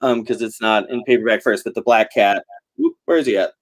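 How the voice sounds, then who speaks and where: A man's voice: on the low side, fairly quick. A man, a novelist chatting over a video call, rambling and laughing often between fillers. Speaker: novelist guest. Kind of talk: casual video-call chat.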